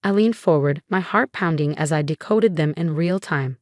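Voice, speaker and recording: A woman narrating a first-person story in a steady, even way. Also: lowish voice, moderate pace, few pauses, no room sound, studio quality.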